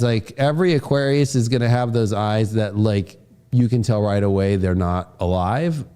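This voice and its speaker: A man giving a horoscope forecast as an astrologer, casual and profane, acting out voices he quotes and bursting into shouts. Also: mid-range voice, clear, resonant tone.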